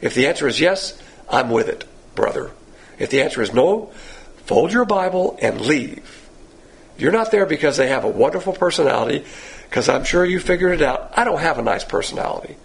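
A Southern-accented male pastor teaching a Bible class, with a gravelly, husky, hoarse edge to his voice. He talks in a blunt, folksy, self-deprecating way, and his pitch swings up and down a lot. His voice sits a little higher than most men's. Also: animated, a little fast. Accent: Southern American. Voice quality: hoarse at times. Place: church classroom.

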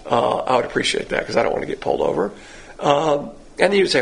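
A man with a Southern accent, a pastor teaching a Bible class in a blunt, self-deprecating, folksy way, his voice hoarse at times. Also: on the high side, wildly swooping pitch, fast. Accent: Southern American. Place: church classroom.

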